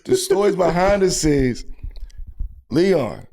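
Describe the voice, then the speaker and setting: A man's voice: on the high side, big pitch swings, slow, gravelly, a little mellow. A man hosting a podcast, telling a story in casual chat and laughing often. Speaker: podcast host.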